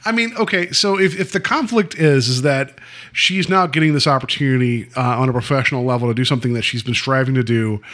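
A man co-hosting a casual podcast, talking in an animated, sarcastic way and laughing often. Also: mid-range voice, fast talker. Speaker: podcast co-host.

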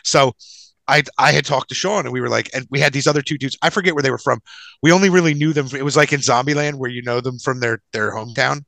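A man spins a rambling story on a casual podcast, swearing freely and restarting sentences as he goes. His voice has a bright, forceful edge. It is recorded close and dry, with no room sound. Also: medium pitch, fast talker, gravelly, no echo, poor audio. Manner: rambling, profane, animated anecdote-telling with frequent restarts. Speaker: podcast co-host.

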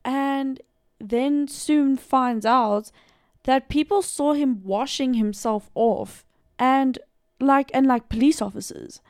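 A woman's voice: high-pitched, takes it slowly, a little mellow, clean tone, no echo, studio quality. A young South African woman narrating a true-crime case in a casual, chatty podcast style with lots of asides. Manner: chatty, filler-heavy storytelling with asides.

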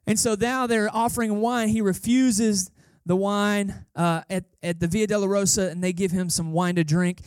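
A man's voice: high-pitched, fairly even intonation, moderate pace, clear, resonant tone, no echo, clean studio sound. A man preaching as a guest pastor, casual and storytelling, who repeats phrases for emphasis. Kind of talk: conversational sermon. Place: church service.

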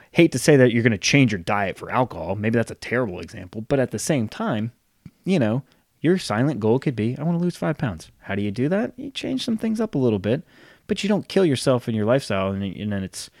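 A man's voice: medium pitch, sing-song, fairly quick, no room sound, studio quality. A man in his thirties talking casually about fitness goals, giving motivational tips and acting out what friends might say. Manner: conversational, acts out quoted friends.

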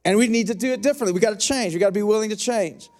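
A man's voice: high-pitched, very fast, darkish tone. A man preaching a passionate sermon as pastor, with emphatic repetitions and direct asides to his congregation.

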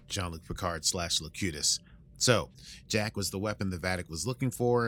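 A podcast host recaps an episode in a casual, rambling chat, acting out quotes in goofy voices. His voice sits low and sounds like a morning voice still warming up.

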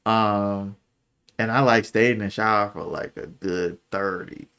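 A young man, telling a personal story on a podcast in candid slang, his voice sinking low and soft at the painful parts. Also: steady tone, measured pace, clean tone. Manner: candid, slangy, lots of "like" and "bro"; emotional, voice drops low and soft when recalling. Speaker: podcast co-host. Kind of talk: casual storytelling.

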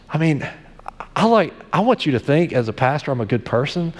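A man's voice: on the high side, big pitch swings, a little fast, big-room sound. A male pastor giving a conversational sermon, telling stories with frequent restarts.

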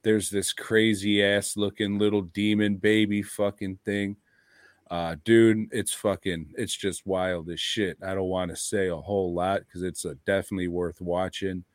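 A man's voice: deep voice, level tone, moderate pace, dry recording, clean studio sound. A man co-hosting a podcast, talking in a rambling, profane, laid-back way about movies. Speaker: podcast co-host. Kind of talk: casual chat.

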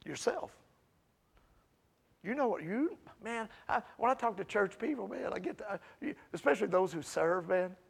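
Guy preaching a bible study, high gravelly voice, gets loud then goes real quiet, keeps saying man. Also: moderate pace. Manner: animated, calls listeners "man", swings from loud to hushed.

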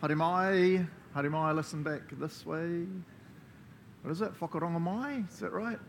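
A man's voice: a little high, a little slow, creaky, a little hiss or hum. A male pastor giving a casual, interactive sermon, joking and chatting with the congregation. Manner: jokey, playful, chatty.

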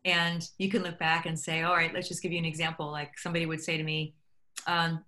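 A woman's voice: low-pitched, brisk. A middle-aged woman, a guest on an interview show, talking casually and acting out little exchanges as she tells stories. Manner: animated storyteller acting out quoted dialogue. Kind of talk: conversational interview.

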